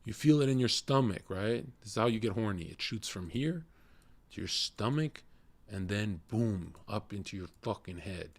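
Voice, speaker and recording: A man rants to his livestream chat in a brash, profane way. He jumps from shouting to near-whispered asides. The sound is dry and close, with no room echo. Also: lively intonation, normal speed. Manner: brash, profane, swings from loud shouting to low murmuring. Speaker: streamer.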